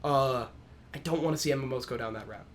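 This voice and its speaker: A man co-hosting a casual gaming podcast, telling stories in an animated way with a lot of swearing. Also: medium pitch, fast talker, a little hiss or hum. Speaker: podcast co-host.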